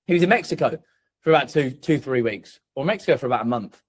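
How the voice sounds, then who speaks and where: A man hosting a sales community, giving hyped motivational shout-outs full of swearing and punchy repetition. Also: medium pitch, lively intonation, quick pace.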